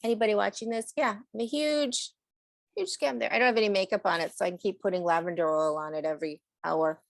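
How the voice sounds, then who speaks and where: A woman's voice: mid-range voice, fairly even intonation, quick pace, gravelly, dry recording. Chatty rambling woman, dry close sound. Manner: chatty, rambling, laughs often. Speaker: animal communicator. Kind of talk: casual chat on a podcast.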